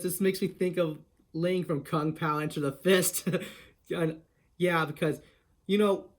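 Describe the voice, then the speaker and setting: A man presenting a voice impression tutorial in a chatty, step-by-step way, often restarting his sentences. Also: high voice. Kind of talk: casual tutorial talk.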